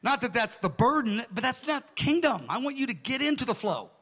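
High, bright-voiced preaching man. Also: breathy edge. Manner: animated, acts out dialogue with quick asides. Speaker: pastor. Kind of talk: storytelling sermon.

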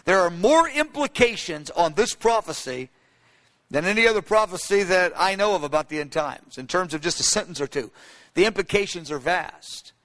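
A male preacher teaches from his notes in a high, bright, forceful voice, with lively intonation at a moderate pace. He speaks emphatically, building to fervent, repeated cries that ring through the long reverb of a large hall.

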